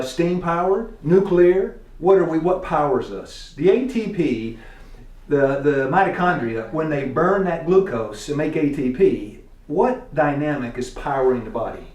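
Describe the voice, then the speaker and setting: A man's voice: on the high side, a little mellow. A man with a Tennessee accent teaching a church class, quizzing his students in a folksy way and chuckling often. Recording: echoey room, distant mic.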